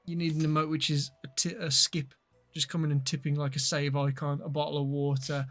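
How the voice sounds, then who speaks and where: Brief: sarcastic man co-streamer, high voice, light game music behind. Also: little pitch movement, a little fast, a bit bright. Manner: sarcastic, swears, teasing. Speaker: streamer co-player. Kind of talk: casual game stream chat.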